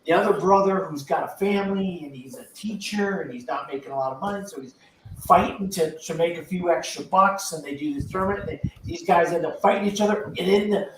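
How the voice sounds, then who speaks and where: On a podcast panel, an older man casually and enthusiastically tells a long, rambling story about a movie. His voice is high-pitched, brisk, and a bit bright, and the echoey recording, made far from the mic, carries a little hiss or hum.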